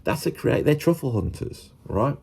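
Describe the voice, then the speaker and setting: An Englishman talking to camera in a rambling, self-mocking monologue, often slipping into quick put-on voices. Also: medium pitch, animated, vocal fry, a little mellow, breathy edge.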